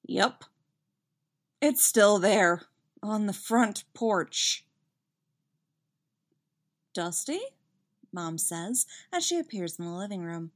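Woman reading fanfic out loud, slow and really animated. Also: mid-range voice. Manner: lively, expressive reading. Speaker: fanfiction reader. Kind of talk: story narration.

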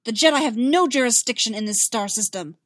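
A woman voicing a young queen who speaks coldly and forcefully. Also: on the high side, animated, brisk, no echo, clean studio sound. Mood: defiant. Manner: cold, forceful. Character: cold defiant young queen.

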